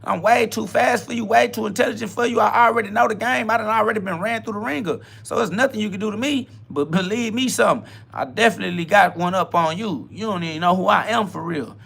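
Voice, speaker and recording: A man hosts a self-talk podcast, firing off a profane, combative rant. His voice sits a touch high and rings bright and forceful. He taunts and jabs with blunt certainty. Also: fast talker, gravelly, husky. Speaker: podcast host.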